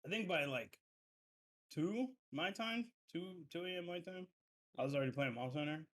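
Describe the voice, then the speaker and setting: A man co-hosting a podcast in casual chat, telling animated stories full of swearing and loudly acted-out quotes. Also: a little high, moderate pace. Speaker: podcast co-host.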